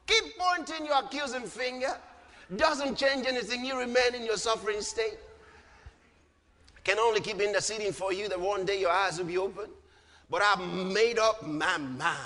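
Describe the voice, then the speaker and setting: A man preaching a sermon emphatically, often rising to shouts and dropping low on repeated refrains. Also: moderate pace. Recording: long hall reverb.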